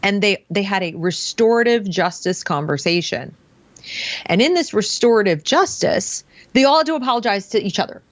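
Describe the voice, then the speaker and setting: A woman guest telling a story casually in conversation, animated, and switching her voice when she quotes others. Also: normal speed, no echo, highs cut off. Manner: animated, acts out others' words with shifting pitch. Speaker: guest, parent and former teacher.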